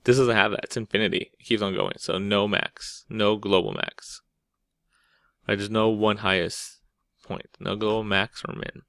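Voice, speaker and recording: Man teaching math, casual lecture, lowish pitch, dry recording, frequent "right?". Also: steady tone, moderate pace, gravelly, fairly bright tone, dry recording. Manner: casual, repeats "right?" often, restarts mid-word. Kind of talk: explaining calculus over a whiteboard.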